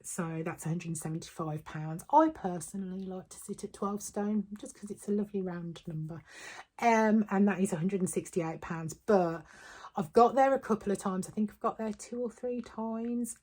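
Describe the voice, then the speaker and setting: Husky, chatty woman vlogging. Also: mid-range voice, normal speed, a little mellow. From United Kingdom. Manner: chatty and upbeat, with frequent ums. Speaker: weight-loss vlogger. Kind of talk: casual chat to camera.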